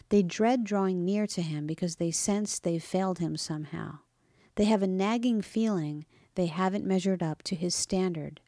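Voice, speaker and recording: A woman giving a scripted devotional reading in a measured, earnest and solemn way. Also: lowish voice, dark tone, dry recording, studio quality. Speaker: devotional reader.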